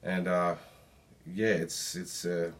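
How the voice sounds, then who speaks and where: Deep-voiced man, hesitant guest. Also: completely flat delivery, takes it slowly, gravelly. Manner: hesitant, many ums and restarts. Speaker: podcast guest. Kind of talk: casual interview chat.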